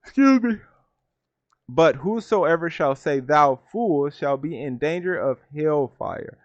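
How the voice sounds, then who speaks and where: A Bible teacher leads a scripture study from home, reading verses, then looking up and defining words while repeatedly asking "right?". His voice is a little high and a little slow. The recording is lo-fi with no room sound.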